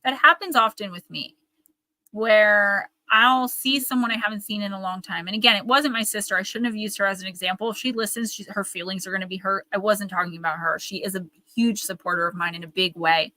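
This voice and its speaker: Woman, live oracle reader, earnest and encouraging; crisp bright voice, dry close sound. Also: mid-range voice, steady tone, fairly quick, no echo, rough recording. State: tearing up.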